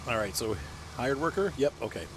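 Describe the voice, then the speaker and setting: A man's voice: medium pitch, animated, brisk, background noise. A man giving casual, self-mocking commentary while playing a farming game, chatting and laughing at his own mistakes. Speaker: let's play host.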